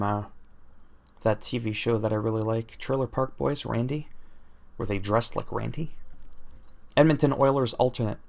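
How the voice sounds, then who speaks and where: A man's voice: mid-range voice, vocal fry. Jokey man reading game patch notes. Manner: self-deprecating, cracks jokes and laughs at them. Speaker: gaming YouTuber.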